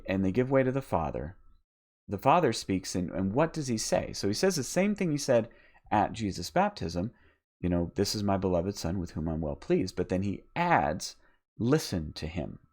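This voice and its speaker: A man's voice: on the low side, big pitch swings, normal speed, a little mellow. A man hosting a live Bible teaching podcast, explaining a passage off the cuff with many restarts and repeated words.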